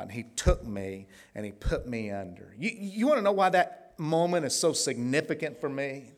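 A man from Tulsa, preaching a testimony sermon in a folksy storytelling way, laughing often and swinging between hushed and fervent. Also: mid-range voice, expressive, normal speed. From Tulsa, Oklahoma.

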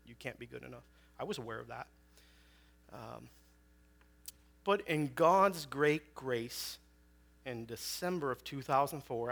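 A man's voice: medium pitch, gravelly, fairly bright tone. A man in his forties from Chicago, preaching as a guest speaker with personal testimony, conversational, with joking asides and frequent fillers.

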